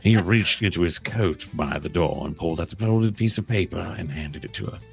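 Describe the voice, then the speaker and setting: A man's voice: sits low, brisk, creaky, faint music behind. A man hosting a podcast, reading a story aloud with friends and breaking into laughs. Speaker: podcast host and reader.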